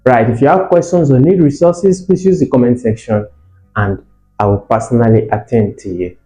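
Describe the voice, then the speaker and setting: A man teaching an exam prep lesson, lively and asking the class rhetorical questions while repeating example phrases. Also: mid-range voice, normal speed, soft background music. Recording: echoey room.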